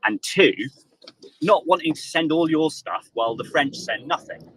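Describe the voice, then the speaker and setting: A man's voice: on the high side, expressive, normal speed, fairly bright tone, slight background noise, low-quality recording. A British man in casual panel chat, sarcastic and joking, acting out other voices as he talks. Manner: sarcastic, acts out voices of nations.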